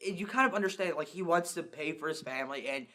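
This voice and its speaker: A young man chatting casually in a movie review podcast, excitable and rambling, acting out scenes as he talks. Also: a little high, fast talker. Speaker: podcast co-host.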